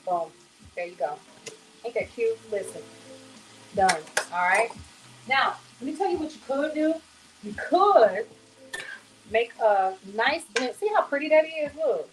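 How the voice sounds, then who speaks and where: A woman's voice: on the high side, very animated, unhurried, pauses often, a little hiss or hum, poor audio. Chatty folksy woman cooking at home. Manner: chatty and folksy, addresses viewers as y'all and honey. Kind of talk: casual cooking demonstration. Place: home kitchen.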